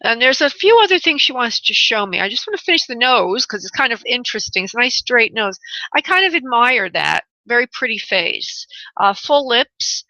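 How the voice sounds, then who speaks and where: A woman hosting a call-in radio show as a medium, talking affectionately to callers and calling them honey, with frequent pauses and restarts. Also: on the high side, very animated, sharp tone, no echo, highs cut off. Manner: hesitant, many pauses and restarts. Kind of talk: casual call-in radio chat.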